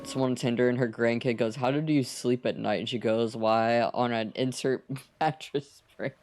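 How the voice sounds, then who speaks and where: A man's voice: medium pitch, fairly even intonation, moderate pace, a little mellow, faint music behind. A man chatting casually with his viewers on a live art stream, playful and teasing, swearing freely. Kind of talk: casual live stream chat while drawing.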